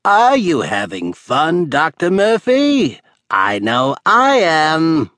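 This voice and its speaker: A man's voice: medium pitch, huge pitch swings, measured pace, bright, forceful tone, no room sound, clean studio sound, full character voice. A man voicing a gleeful, mocking male villain who cackles as he taunts. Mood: taunting.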